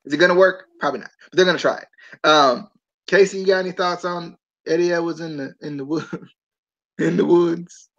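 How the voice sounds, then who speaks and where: A man hosting a podcast in a casual chat, animated and given to incredulous outbursts. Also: a little high, fast. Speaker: podcast host. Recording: dull lo-fi mic.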